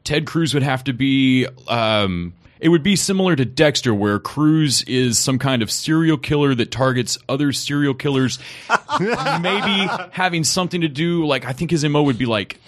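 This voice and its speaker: Measured man in casual chat. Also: medium pitch, expressive. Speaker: podcast co-host.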